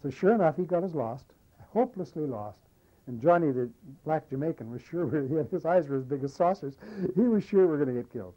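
An older man recounting wartime memories in an oral history interview, a lively storyteller who acts out the dialogue. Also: fairly high pitch, fast talker, lo-fi sound. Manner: lively anecdotal storyteller, animates quoted dialogue. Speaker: war veteran interviewee.

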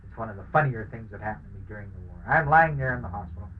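An older veteran speaks very fast in a lowish voice, the audio narrow and tinny with slight background noise. Recording his wartime story for an oral history, he tells it through anecdotes, acting out exchanges and chuckling.

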